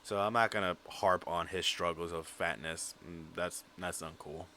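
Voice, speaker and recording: A man's voice: sits low, fairly even intonation, normal speed, bright, forceful tone, a little hiss or hum. A young man giving casual, candid reaction commentary, joking and swearing freely. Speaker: streamer reacting to a documentary.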